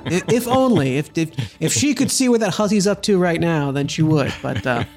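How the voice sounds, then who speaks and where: A game master narrating and running a tabletop role-playing game, describing scenes with lively, stop-start delivery. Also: mid-range voice, normal speed, music in the background. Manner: lively narration, frequent restarts.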